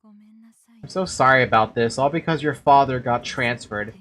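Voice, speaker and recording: A woman's voice: extremely low pitch, a little slow, fairly bright tone. A woman voicing a weary middle-aged mother who apologizes and grumbles about her husband, read from game dialogue. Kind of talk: reading game dialogue aloud.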